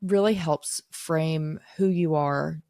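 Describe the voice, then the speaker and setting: A woman hosts a podcast interview in a fairly low voice. She asks reflective, searching questions with some fillers and pauses. The sound is dry and close. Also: darkish tone, no room sound. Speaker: podcast host. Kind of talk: interview conversation.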